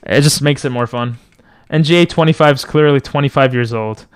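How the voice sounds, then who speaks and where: A young man streaming from home on a close boom mic, rambling and joking as he answers chat. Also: brisk, smooth, no room sound. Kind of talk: casual live-stream chat. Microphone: boom mic close to the mouth.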